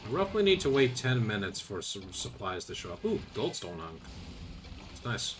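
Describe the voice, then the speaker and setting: A man's voice: fairly low pitch, very animated, normal speed, fairly bright tone, a little hiss or hum. A man streaming a video game, commenting casually with sarcastic grumbles and mild swearing.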